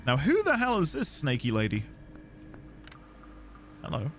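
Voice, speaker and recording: A man's voice: a little high, huge pitch swings, measured pace, fairly bright tone, a little hiss or hum. A man with a British accent chatting casually while streaming a game, rambling through explanations and amused at himself. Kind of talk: casual gameplay chat.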